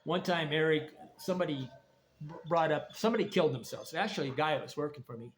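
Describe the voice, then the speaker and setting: A man's voice: on the high side, quick pace. A man giving a blunt, rambling, preachy monologue about recovery and trauma. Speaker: vlogger. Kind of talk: casual monologue. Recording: faint background noise.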